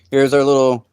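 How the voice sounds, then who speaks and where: Livestreaming casually from his backyard at night on a phone, this host rambles and chats to his pets. His medium-pitched voice is creaky, smooth, and a bit dark in tone, with no room sound.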